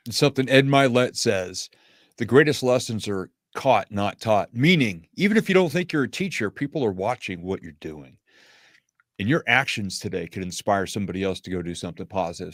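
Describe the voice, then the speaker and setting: A man speaking as a podcast guest and motivational speaker in casual interview chat, with a smooth radio-announcer delivery. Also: lowish voice, no echo, studio quality.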